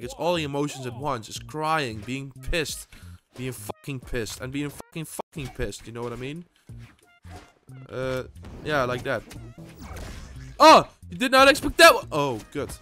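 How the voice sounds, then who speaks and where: A young man giving excitable gameplay commentary as host, swearing and bursting into sudden yells. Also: mid-range voice. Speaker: gaming channel host.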